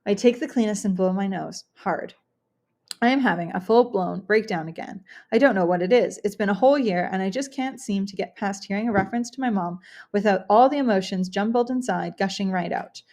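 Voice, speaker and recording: Expressive woman reading a novel aloud. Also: mid-range voice, fairly quick. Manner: expressive, occasional restarts. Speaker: audiobook reader. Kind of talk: first-person novel narration.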